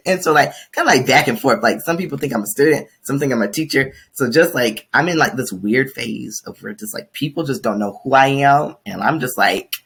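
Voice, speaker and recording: A man's voice: medium pitch, quick pace, creaky, few pauses, fairly bright tone, husky. A young man, a student teacher co-hosting a podcast, chatting in a rambling way with lots of fillers and big swoops up for quoted lines. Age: young adult. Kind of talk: casual podcast chat.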